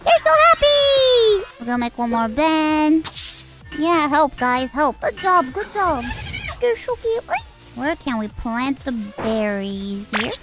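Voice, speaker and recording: Woman streamer, very high voice, wildly swooping pitch, excitable and squealy, cussing, game music behind. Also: takes it slowly. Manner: excitable, squealing and swearing, cutesy baby talk to creatures. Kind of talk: live gameplay commentary.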